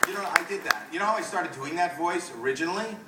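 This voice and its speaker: A middle-aged man from Canada doing stand-up comedy, rambling through his stories with deadpan asides. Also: high voice, fast talker, very noisy. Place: comedy venue with a live audience. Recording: echoey club, distant mic, loud crowd.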